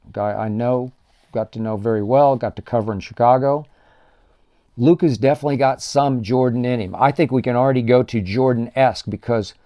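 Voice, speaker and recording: A man's voice: mid-range voice, mellow. An older man hosting a sports talk show, delivering an emphatic solo commentary that stacks up punchy superlatives.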